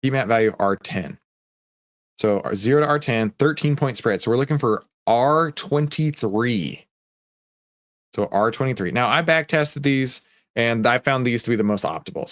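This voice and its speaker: Chatty male trading stream host. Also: medium pitch. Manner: chatty, jokey, talks to chat viewers. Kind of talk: casual live trading commentary.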